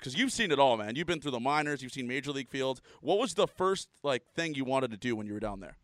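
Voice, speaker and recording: Excitable, swearing podcast host. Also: male voice, mid-range voice, fairly quick, dry recording. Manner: excitable, swears often, jokey. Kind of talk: casual chat.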